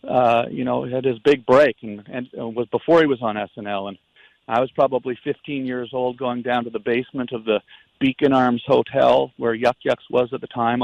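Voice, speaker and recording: A Canadian man with a gravelly voice speaks over a muffled phone line. He sounds earnest and halting and often restarts his phrases. The sound is dry, with no room echo. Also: mid-range voice, a little mellow. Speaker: guest calling in. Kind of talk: phone-in tribute.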